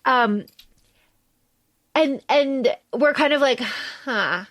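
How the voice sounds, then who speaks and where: Brief: young woman co-host, higher voice, dry close sound, animated casual recap. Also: moderate pace, no echo. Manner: animated, acts out scenes in quoted voices, swears casually. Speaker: podcast co-host. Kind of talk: casual movie recap chat.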